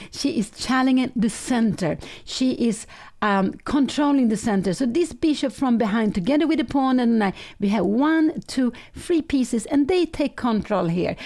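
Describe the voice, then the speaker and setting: A woman calls a chess game live, working through the moves out loud and stopping often to correct herself. Her voice is dark and gravelly, a little rough from the early hour, and her English is plainly not her first language. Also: mid-range voice. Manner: analytical, thinking aloud with frequent self-corrections; non-native English phrasing. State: slightly rough early-morning voice, clearing throat. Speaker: chess commentator and host.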